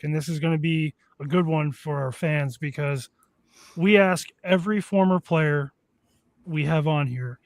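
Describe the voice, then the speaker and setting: A man's voice: a little high, no room sound. A man hosting a podcast, asking a guest questions with a few stumbling starts. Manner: quick, stumbling lead-ins. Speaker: podcast host. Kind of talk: interview questions.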